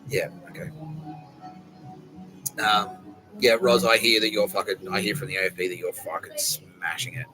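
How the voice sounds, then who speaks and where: A low-pitched man hosts a podcast in loose, rambling monologue. His talk is peppered with swearing as he addresses unseen listeners. Music plays clearly behind his voice. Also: little pitch movement, moderate pace, pauses often, low-quality recording. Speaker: podcast host. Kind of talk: casual monologue.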